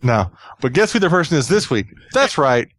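A man's voice: on the high side, big pitch swings, moderate pace, fairly bright tone, dry recording. A man hosting a podcast in easy casual chat. He often repeats himself and laughs along as he talks. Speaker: podcast host.

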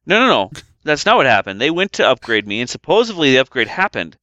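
A man in casual chat on a remote call, animated as he tells a story. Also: medium pitch, fast talker, no echo. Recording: dull lo-fi call audio.

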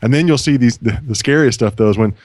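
This man co-hosts a casual comedy podcast, telling stories chattily and cutting in playfully. His mid-range voice runs fast with a darkish tone, recorded dry on a close mic.

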